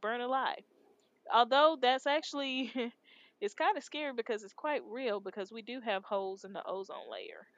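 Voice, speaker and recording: A woman's voice: fairly high pitch, moderate pace, highs cut off. A woman from Texas co-hosting a podcast, chatting casually and rambling in slangy speech. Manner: rambling, slangy, laid-back. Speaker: podcast co-host. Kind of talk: casual chat.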